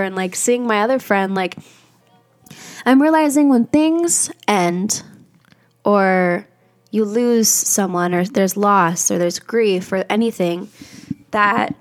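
This young woman hosts a podcast and talks slowly in a mid-range voice, opening up confessionally and candidly. Her personal monologue rambles, with "like" coming up again and again.

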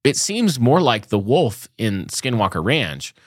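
A man's voice: mid-range voice, big pitch swings, a little slow, no echo, clean studio sound. A man co-hosting a podcast, talking casually and enthusiastically, rambling a bit and joking. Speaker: podcast co-host. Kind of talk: casual chat.

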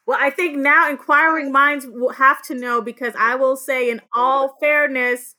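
A woman from New York co-hosting a casual chat, animated and curious as she asks questions. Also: high voice, a little slow. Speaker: co-host.

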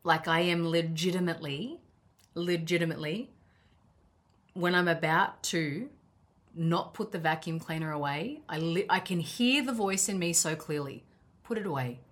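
A woman's voice: lowish voice, normal speed. A woman with an Australian accent, a coach talking candidly in a casual monologue, swearing freely and laughing at herself. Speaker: life coach.

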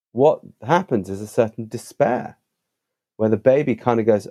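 A man who is a podcast guest and author, telling stories in an animated, emphatic conversational way. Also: medium pitch, slow, long pauses, highs cut off. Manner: animated, emphatic, with vivid asides. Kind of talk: conversational storytelling.

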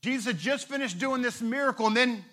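Bright-voiced, high-pitched male pastor preaching. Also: fast talker. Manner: conversational, retells scripture with playful asides. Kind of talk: sermon.

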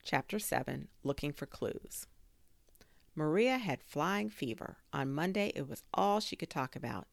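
Woman, children's audiobook narration, expressive storytelling, low voice, lively melody. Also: a little slow, gravelly, no echo.

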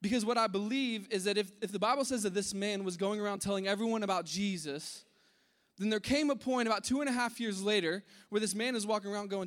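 A man with a high voice gives a relaxed, conversational sermon to a room full of people. He acts out voices in his story and swings from loud to hushed. His voice rings with a long hall reverb. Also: quick pace. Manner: animated, acts out voices in his story, drops to a hush at key points. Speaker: preacher. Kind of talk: casual sermon. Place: large room with an audience.

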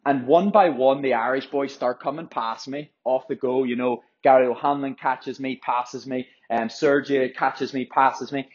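A man's voice: mid-range voice, fairly even intonation, normal speed, few pauses, slightly rough. A young man hosting a solo podcast, worked up and rambling with frequent swearing and restarts. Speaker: podcast host, runner. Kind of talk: casual solo podcast monologue. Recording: dull lo-fi audio.

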